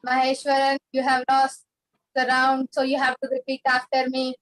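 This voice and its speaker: High, flat-voiced woman. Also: normal speed, no room sound, low-quality recording. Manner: firm, instructive. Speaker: meeting participant giving forfeits. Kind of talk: casual chat. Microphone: video call.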